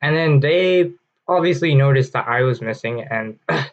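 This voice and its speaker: A man's voice: medium pitch, lively intonation, normal speed, muffled recording. A man telling a story about his own experience in a casual, rambling way, swearing often and filling gaps with "like" and "uh". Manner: rambling, profane, lots of fillers. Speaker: storytelling vlogger. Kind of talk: casual first-person storytelling.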